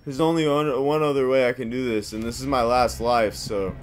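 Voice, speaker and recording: A young man commentating on his horror game playthrough, swearing freely and reacting loudly to each turn. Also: medium pitch, steady tone, brisk. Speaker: gameplay commentator. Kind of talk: let's play commentary.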